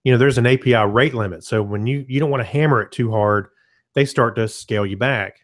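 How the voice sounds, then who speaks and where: A man talks through a software demo in a relaxed, conversational way, often restarting his sentences. He keeps clearing his throat as he goes. His voice sits at an ordinary middle pitch for a man, heard through a computer mic on a web call. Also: a little fast. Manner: relaxed, loose, self-correcting explanations. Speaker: presenter. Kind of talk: casual software demo webinar.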